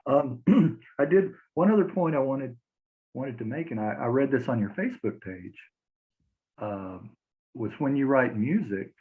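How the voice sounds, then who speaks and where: A man's voice: medium pitch, animated, measured pace. A man hosting an interview, eagerly encouraging his guest's stories. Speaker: interview host. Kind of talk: casual interview chat. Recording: tinny phone line.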